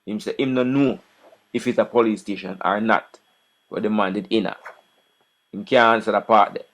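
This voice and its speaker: A man's voice: fairly low pitch, steady tone, moderate pace, fairly bright tone. A man with a Jamaican accent casually retelling and mocking a news clip. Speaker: online commentator.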